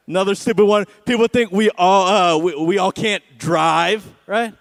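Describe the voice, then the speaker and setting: A man's voice: high voice, fairly even intonation, normal speed, creaky, few pauses. A man doing a stand-up comedy set at an awards show, with a sarcastic, punchy delivery and frequent "right?" asides.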